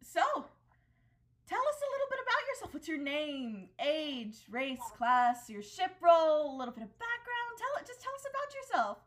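A woman's voice: high voice, big pitch swings, normal speed, voice pushed up. A woman voicing a bubbly female TV talk-show hostess who chirps her questions. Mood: chirpy. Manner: chirpy, showy interviewer.

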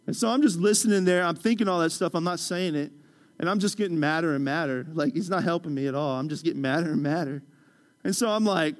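A man's voice: high voice, a little fast. A man preaching a sermon as pastor. He talks conversationally, tells stories and jokes with the congregation. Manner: conversational, storytelling, joking with the congregation.

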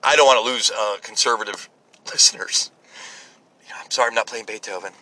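A man's voice: fairly low pitch, fairly quick, pushed and bright, dry recording. A middle-aged American man hosting his own podcast, talking bluntly and self-deprecatingly with many fillers and restarts, recorded on a phone in a parked car. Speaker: podcast host. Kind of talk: casual rambling monologue.

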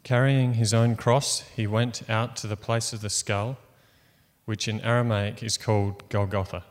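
A man reads a scripture passage aloud in a plain, measured way. His voice is fairly low. A long reverb trails each phrase, as in a large hall. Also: little pitch movement. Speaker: scripture reader.

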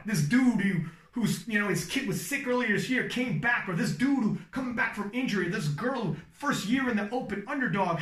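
Casual male talker, high-pitched and animated with a cussing streak, set a bit back from the mic in a roomy space. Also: distant mic. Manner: animated, swearing, demonstrates hype commentary voice. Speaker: powerlifting commentator. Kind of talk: casual podcast chat giving advice.

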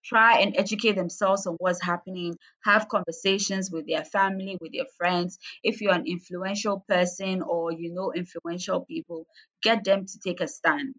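A woman's voice: on the low side, fairly even intonation, normal speed, a bit bright. A woman from Ghana, a guest activist, talking frankly and passionately in casual conversation, with many fillers.

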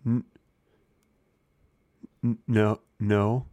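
Deadpan rambling male podcast host. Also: fairly low pitch, very slow, dry recording. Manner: deadpan, rambling tangents, goofy put-on voices for quotes. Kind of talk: absurdist comedy chat.

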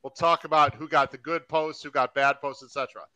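A man runs a live podcast with an upbeat, hype-building energy. His voice is bright and a little high, recorded close and dry with almost no room sound. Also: fairly even intonation, fairly quick, no echo, rough recording. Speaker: podcast host.

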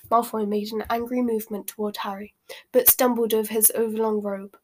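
A woman's voice: on the high side, brisk. Woman reading a novel aloud. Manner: steady expressive narration. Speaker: reader.

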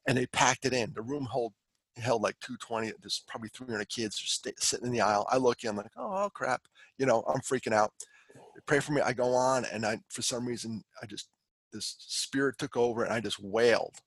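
A man telling a personal story in casual conversation, animated, acting out what others said, with frequent laughs. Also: mid-range voice, brisk, husky, no echo. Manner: animated storyteller who acts out quoted lines and laughs often. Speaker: guest speaker on suicide prevention. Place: on the East Coast of the United States.

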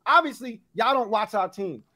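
High-voiced man in a heated sports argument. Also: normal speed. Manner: animated, laughing, talks over others. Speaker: sports debate panelist.

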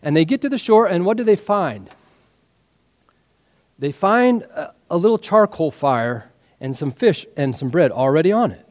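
A male preacher with a high, very lively voice that climbs and drops as he tells the story. He keeps throwing questions back at the congregation. The sound carries a long reverb, as in a big church hall. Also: normal speed. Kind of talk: sermon.

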